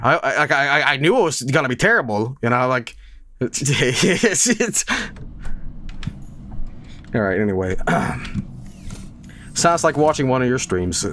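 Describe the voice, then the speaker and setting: A young man, a game streamer, telling a rambling story at home on a desk mic, animated and laughing, with swearing and sudden loud outbursts. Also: medium pitch, unhurried, long pauses, no echo. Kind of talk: casual storytelling on a live stream. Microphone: desk microphone.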